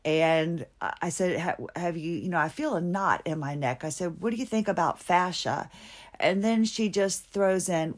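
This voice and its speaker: Middle-aged woman, podcast host, anxious, rambling, restarts, lower voice. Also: moderate pace. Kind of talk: personal health monologue.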